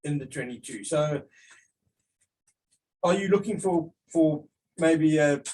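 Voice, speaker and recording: A man's voice: fairly high pitch, slow pace, a little mellow, far from the mic, poor audio. A man, a sports journalist, sets out his reasoning in a thoughtful way before asking a coach his question. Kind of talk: asking a press conference question. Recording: off-mic in a press room with faint noise.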